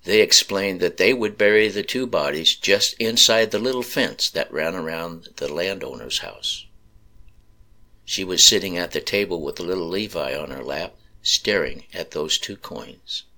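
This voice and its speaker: Man, storyteller, deep gravelly voice, slow solemn reading, bright tone. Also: lively intonation. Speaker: narrator. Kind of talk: scripted story narration.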